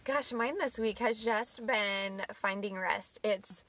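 A woman's voice: medium pitch, slow, a bit bright, slight background noise. A woman co-hosting a podcast in casual chat, easygoing and reflective.

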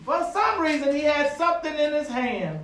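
A man preaching a sermon with call-and-response, stretching words with dramatic pauses and rising to shouts. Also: very high-pitched, lively intonation, far from the mic. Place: church sanctuary. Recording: echoey room, voice from afar.

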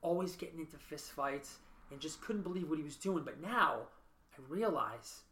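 A man's voice: a little high, lively intonation, moderate pace, pushed and bright, echoey room, slight background noise. A man hosting a podcast, talking in an earnest, reflective way and often checking in with "right?". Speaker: podcast host. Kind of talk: casual interview chat.

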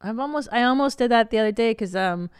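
A woman's voice: a little high, fast, clear, resonant tone, no room sound, clean studio sound. A woman hosting a comedy podcast for moms, chatting casually with swearing and frequent laughter. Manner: profane, laughs often, animated. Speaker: podcast host.

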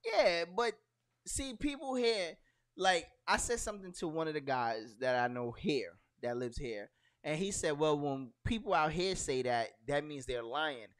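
A middle-aged man chatting casually as a podcast co-host, telling animated stories and acting out what people said. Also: a little high, measured pace, no room sound, clean studio sound. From New York. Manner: animated storytelling with acted-out quotes and slang. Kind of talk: casual chat.

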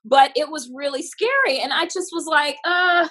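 A woman comedian from Texas telling stories in a casual interview, animated and expressive. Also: high-pitched, normal speed, rough recording. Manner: animated, expressive, laughs often. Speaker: comedian guest.

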